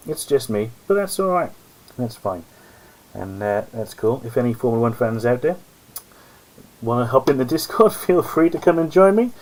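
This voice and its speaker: A man's voice: mid-range voice, a little mellow, rough recording. A man hosting a live-stream alone, chatting casually in a rambling, self-mocking way. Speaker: host. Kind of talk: solo live-stream commentary chat.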